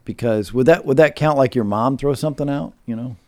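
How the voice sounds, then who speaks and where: A male podcast co-host talks in a loose, rambling way, full of "um," "uh," and restarted sentences. His voice sits at an ordinary middle pitch, and he chats casually with his co-host. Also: fairly quick. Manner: rambling, many fillers and restarts. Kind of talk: casual chat.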